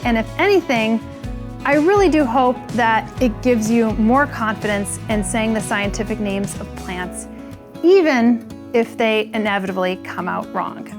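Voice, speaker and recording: A woman in her thirties hosts a casual lesson on plant names. Her voice sits somewhat high, and she talks in a loose, chatty way, dropping "like" often. Faint music runs quietly beneath her. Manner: chatty, frequent "like" fillers. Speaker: host teaching plant names. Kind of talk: casual educational talk.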